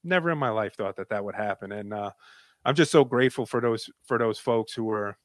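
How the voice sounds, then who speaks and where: A man's voice: on the low side, brisk, dry recording. A man in his late thirties, a guest telling an emotional personal story in a casual, rambling way with many fillers. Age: 30s.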